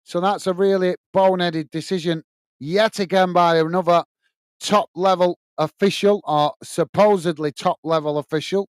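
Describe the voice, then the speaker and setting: A man's voice: high voice, steady tone, moderate pace, clean tone, no room sound, clean studio sound. A middle-aged man hosting a live football watch-along, calling the play and chatting with viewers as he reads their comments. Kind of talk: live match commentary and chat reading.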